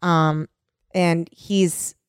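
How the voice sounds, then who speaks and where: A woman co-hosting a casual chat, animated and opinionated, often talking over the others. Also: on the low side, very slow, clean tone, dry recording, clean studio sound.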